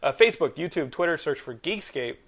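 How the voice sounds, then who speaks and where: A man in his thirties hosting a podcast, telling animated stories, ranting and swearing freely. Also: on the high side, fairly quick. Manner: animated storyteller, swears freely, rants loudly. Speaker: podcast host. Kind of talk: casual chat.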